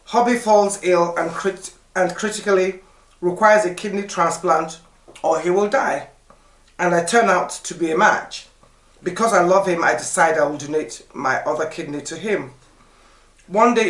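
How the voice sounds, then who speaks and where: Animated woman in an echoey room. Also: fairly low pitch, distant mic. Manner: animated, lively storytelling with emphatic repetition. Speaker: podcast guest. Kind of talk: casual chat.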